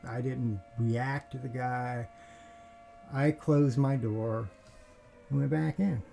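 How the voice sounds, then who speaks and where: A man speaks slowly in a dark, mellow voice while he tells a personal grievance as a casual monologue. He rambles and circles back, restarting his sentences, and throws in a curse now and then. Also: medium pitch, fairly even intonation, vocal fry, low-quality recording. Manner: rambling, restarts, swears, aggrieved. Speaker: vlogger.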